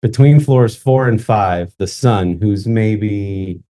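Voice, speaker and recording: A man co-hosting a podcast, telling a story in a casual, animated way and acting out the people in it. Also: fairly low pitch, slow. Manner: animated storyteller, acts out quoted voices. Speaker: podcast co-host.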